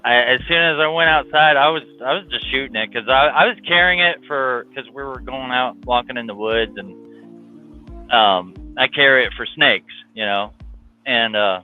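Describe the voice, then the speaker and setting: A man and father chatting casually, telling animated stories with many restarts. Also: moderate pace. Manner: animated storyteller, imitates his daughters in a high voice. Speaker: guest, father of two. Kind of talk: casual chat. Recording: tinny phone line, faint music.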